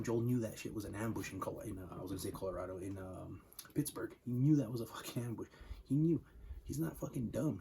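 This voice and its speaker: Gravelly-voiced young man ranting heatedly. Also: medium pitch, warm tone, a little hiss or hum, poor audio. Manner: heated, profane, repeats words and says "like" often. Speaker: video game commentator. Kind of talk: casual ranting monologue.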